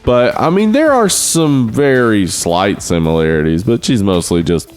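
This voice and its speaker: Easygoing podcast co-host, animated voice. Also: male voice, on the low side, measured pace, soft background music. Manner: easygoing, laughs a lot. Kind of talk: casual comedic chat.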